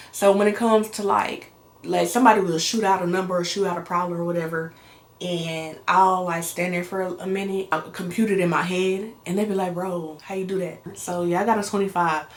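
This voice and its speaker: A young American woman chatting casually in a get-to-know-me vlog, animated and slangy, laughing as she tells stories. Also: fairly low pitch, a little fast. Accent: American English. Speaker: vlogger. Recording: roomy echo.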